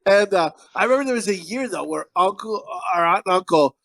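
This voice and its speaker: A man's voice: high voice, animated, fairly quick, gravelly, fairly bright tone, dry recording. A man from Connecticut hosting a podcast in casual, profane, rambling banter. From Connecticut, USA. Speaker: podcast host.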